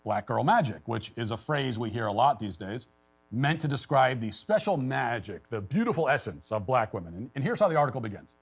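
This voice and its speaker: A man giving sarcastic, deliberate political commentary, reading an article aloud. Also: medium pitch, expressive, creaky, breathy edge. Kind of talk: scripted commentary.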